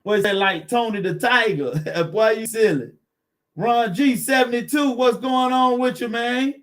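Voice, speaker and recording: Slow, high-voiced man hosting a live stream. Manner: laid-back, encouraging, greets chat by name, says "man" often. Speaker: car channel host. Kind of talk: live stream chat with viewers.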